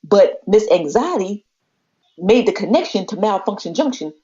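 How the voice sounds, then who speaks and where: Podcast co-host, woman; lively storyteller who acts out every quote; dull lo-fi sound. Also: medium pitch, moderate pace. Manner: expressive, acts out quoted voices, laughs often. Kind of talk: animated storytelling chat. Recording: muffled lo-fi podcast audio.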